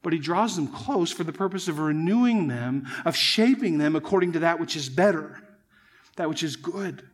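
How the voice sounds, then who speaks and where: A man's voice: a little high, animated, normal speed. A man preaching a sermon as pastor, earnest and emphatic, often addressing his listeners as friends.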